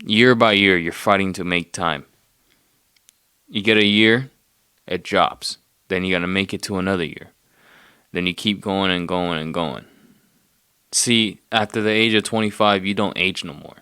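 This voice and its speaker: Low-voiced male podcast host with a smooth tone, dry close sound, and casual profane rambling. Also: fairly even intonation, normal speed, long pauses, sharp tone, no echo. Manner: loose, profane, loses his train of thought.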